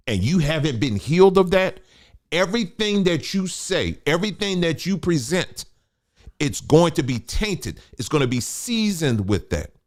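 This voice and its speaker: Emphatic man preaching informally. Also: a little high. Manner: emphatic, repeats for emphasis, colloquial. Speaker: teacher.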